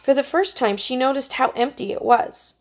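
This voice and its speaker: A woman's voice: sits high, moderate pace. Woman reading a children's story aloud. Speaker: narrator.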